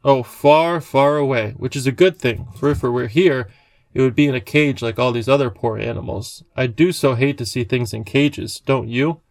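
A man voicing a cheerful, eccentric little old gentleman with a courtly, genial way of talking. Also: mid-range voice, normal speed, vocal fry, no echo, natural voice.

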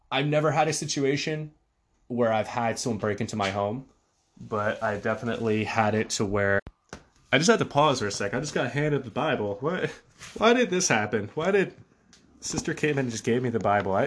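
A man hosting a solo podcast, talking casually in a rambling way with frequent fillers and restarts. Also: fairly low pitch. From Connecticut, USA. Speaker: podcast host.

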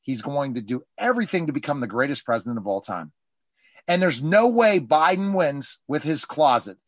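Host, male, high lively voice, dry close sound, emphatic political talk. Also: normal speed, dry recording. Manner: emphatic, animated, mimics politicians in quoted asides. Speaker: show host and journalist. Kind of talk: political talk show discussion.

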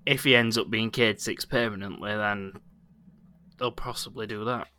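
A man's voice: on the low side, fairly even intonation, moderate pace, sharp tone. A man co-hosting a casual gaming chat, chiming in with short agreements. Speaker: podcast co-host.

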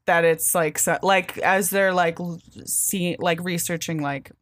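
A woman's voice: on the low side, fairly even intonation, measured pace. A young woman co-hosting a podcast, chatting casually and rambling with a lot of "like" fillers. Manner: rambling, heavy use of filler "like". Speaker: podcast co-host. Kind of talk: casual chat recapping a comic book.

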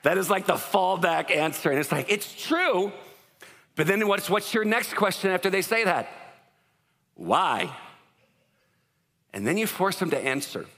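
Male pastor, conversational sermon, acts out quotes, higher voice, long church reverb. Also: moderate pace, creaky. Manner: animated, conversational preaching with acted-out quotes.

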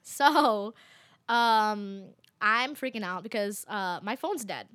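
A young woman telling a travel story to her viewers in a casual, animated way, full of fillers and little laughs. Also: mid-range voice, slow pace, smooth, no room sound. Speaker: vlogger.

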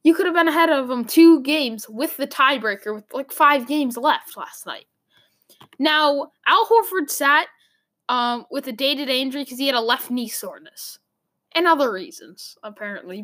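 Young Boston woman, sports talk host, high bright voice, rambling and emphatic. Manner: rambling, emphatic, lots of "like" fillers. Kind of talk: opinionated sports commentary monologue.

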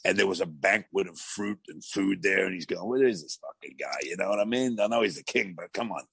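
Gravelly low-voiced man telling stories. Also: brisk, a bit bright, no echo. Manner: rambling storyteller with frequent restarts. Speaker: guest. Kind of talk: casual anecdote on a talk show.

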